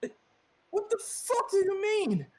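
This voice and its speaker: A man's voice: very high-pitched, very animated, unhurried, pitched above the performer's own voice, heavily acted. A man doing a furious, foul-mouthed mother. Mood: outraged. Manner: shouting, cursing, sputtering with rage. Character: furious middle-aged woman, mother of sons, foul-mouthed.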